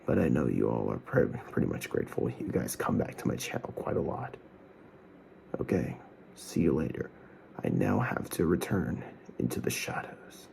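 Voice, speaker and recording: Deep gravelly man telling a story. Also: very animated, normal speed, darkish tone, a little hiss or hum. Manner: slightly slurred words. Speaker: channel host telling his own story. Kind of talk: reading a self-written story aloud.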